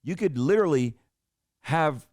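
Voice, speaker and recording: A man's voice: fairly high pitch, lively intonation, unhurried, a little mellow, dry recording, clean studio sound. A man hosting a financial show, ranting in heated, emphatic commentary and often restarting his sentences.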